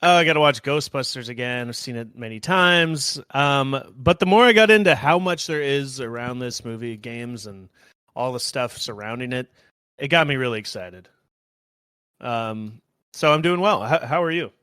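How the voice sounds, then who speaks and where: A man's voice: medium pitch, normal speed, pushed and bright, clean tone, no echo. A young man co-hosting a podcast in casual chat, joking and laughing easily. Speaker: podcast co-host.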